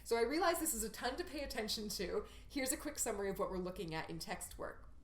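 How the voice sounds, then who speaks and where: A woman's voice: mid-range voice, expressive, quick pace. Woman teaching acting in an echoey room. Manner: clear, explanatory teaching with demonstrated line readings. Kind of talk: recorded workshop lesson.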